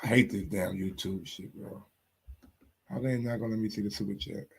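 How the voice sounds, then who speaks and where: A man's voice: on the low side, fairly even intonation, fairly quick, gravelly, darkish tone, slightly rough. A man hosting a sports channel, talking casually in a rambling, profane, trash-talking way. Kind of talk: casual livestream commentary.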